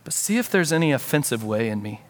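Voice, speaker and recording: A man's voice: mid-range voice, big pitch swings, quick pace. A man pastor delivering a sermon, telling a story with earnest feeling and acting out prayers and conversations.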